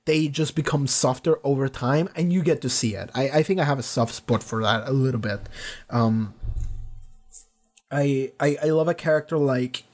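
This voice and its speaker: A man's voice: mid-range voice, darkish tone. A man giving casual, enthusiastic commentary as a reaction streamer, rambling and laughing often.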